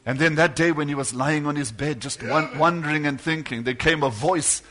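Man in the pulpit, high and bright, preaches with fervor and acts out quotes. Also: normal speed. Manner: fervent preaching, retelling stories with acted quotes. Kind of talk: sermon.

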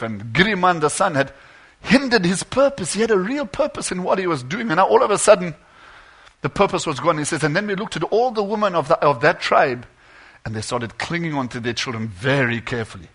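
A man preaching and telling a tense story dramatically, dropping to a hush and swelling again. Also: on the high side, slightly rough.

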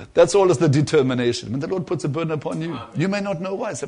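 Husky-voiced male preacher. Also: on the high side, fast talker. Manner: swings between hushed and emphatic, addresses listeners as friends. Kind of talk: sermon.

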